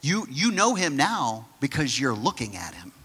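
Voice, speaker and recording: A man's voice: mid-range voice, wildly swooping pitch, moderate pace, bright, forceful tone, breathy edge. A man preaching a sermon as a pastor, teaching in a conversational way with frequent restarts. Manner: acts out the quoted figures in his own voice.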